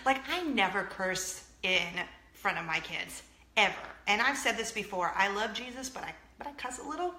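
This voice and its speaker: A woman's voice: mid-range voice, animated, normal speed, bright, forceful tone, echoey room. A woman in her thirties hosting a casual vlog, chatty and self-mocking, laughing often and acting out what people said. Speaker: vlog host. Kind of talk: casual chat to camera.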